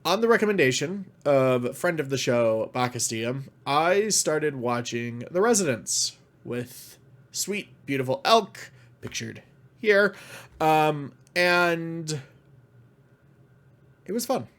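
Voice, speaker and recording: A man's voice: fairly high pitch, lively intonation, slow pace, a bit bright. A man giving a casual spoken review, ranting in exasperation, swearing often and stumbling over restarts when worked up. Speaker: vlogger reviewing media.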